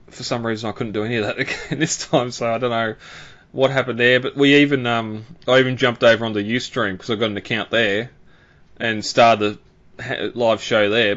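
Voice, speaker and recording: Rambling man, low voice. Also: fairly bright tone, lo-fi sound. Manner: rambling, lots of fillers and restarts. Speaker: podcast host. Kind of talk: casual chat.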